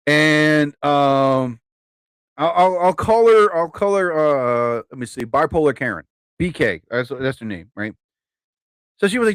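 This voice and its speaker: A chatty man in his fifties spins stories for a live-stream audience, his slightly high voice swinging up and down as he laughs at his own jokes. The sound is dry and close, with no room around it. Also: lively intonation, measured pace, smooth, no room sound. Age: 50s. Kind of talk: casual live-stream storytelling.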